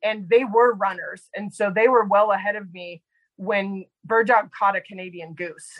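A woman guest telling casual stories in an animated way, full of quoted dialogue and fillers. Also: medium pitch, normal speed, no echo, highs cut off. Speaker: guest storyteller. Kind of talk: casual storytelling.

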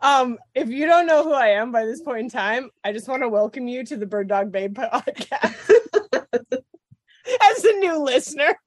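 Animated woman telling a story, dry sound. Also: high-pitched, measured pace, no echo. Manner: animated storyteller, swears and laughs often. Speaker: podcast guest. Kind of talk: casual storytelling chat.

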